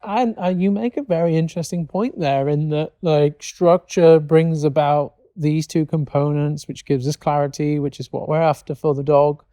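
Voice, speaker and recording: Man, fairly high mellow voice, dry sound, thoughtful host, rambling fillers. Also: steady tone, moderate pace, hardly any pauses, dry recording. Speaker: dog trainer, host. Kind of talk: casual conversation.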